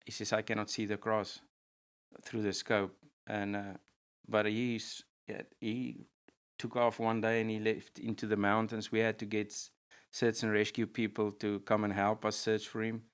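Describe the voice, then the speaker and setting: A man's voice: on the low side, monotone, normal speed, clear, resonant tone. A man, a pastor, earnestly telling a personal testimony in conversation, with frequent restarts. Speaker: pastor and guest.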